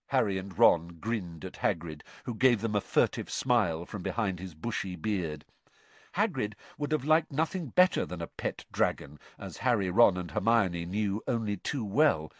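Man, audiobook narrator, expressive, lively intonation, dry close sound. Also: fairly low pitch, moderate pace, no room sound. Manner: expressive, varied storytelling.

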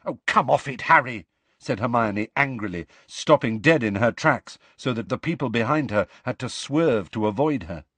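A man with a mid-range voice reads an audiobook in a measured, expressive way. The scripted narration is recorded with no echo.

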